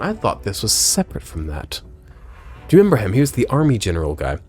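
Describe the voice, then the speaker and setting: A man commenting on a video game as he plays, joking and reading lines aloud, with loud exclamations and low mutters. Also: fast, creaky, slightly rough, faint music behind. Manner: lively, jokey, swings between loud exclamations and low mutters. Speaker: gameplay streamer.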